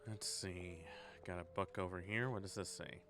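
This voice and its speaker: A man's voice: deep voice, fairly even intonation, moderate pace, fairly bright tone. A man streaming a horror game, thinking aloud in a sarcastic, swearing way. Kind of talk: casual horror game let's play.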